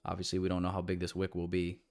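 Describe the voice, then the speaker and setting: A man's voice: low-pitched, monotone, fast talker, a little mellow, clear, resonant tone, soft background music. A man giving casual live trading commentary in a laid-back, slangy way with lots of fillers. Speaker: day trader streamer.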